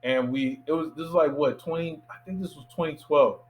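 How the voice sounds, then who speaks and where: A man in his thirties from Miami, a filmmaker guest telling a lively anecdote in a casual interview and acting out the voices of people in it. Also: fairly high pitch, fairly quick, poor audio. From Miami, USA. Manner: animated anecdote teller who acts out quoted voices.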